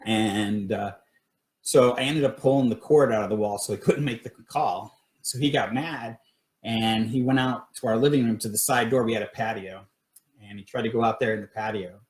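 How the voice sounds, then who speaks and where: A middle-aged man telling his own ghost stories on a live stream, halting, with many fillers and restarts. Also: lowish voice, a little mellow. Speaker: paranormal investigator telling his experiences. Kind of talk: casual storytelling on a live stream. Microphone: phone or webcam. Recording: echoey room.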